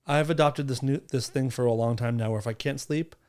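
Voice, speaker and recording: Male podcast co-host, post-illness voice, relaxed and profane, offering casual advice. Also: medium pitch, brisk, clear, resonant tone. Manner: laid-back, swears casually, gives advice. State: recovering from illness, voice not fully back. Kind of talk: casual chat.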